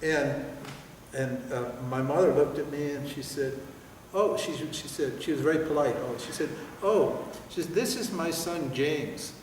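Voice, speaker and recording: An older man giving a spiritual teaching at a seminar, telling stories in an animated way with laughter and swearing. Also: on the high side, normal speed, slight background noise. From United States. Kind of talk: seminar talk. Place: large hall with audience. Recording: echoey hall, voice from far off.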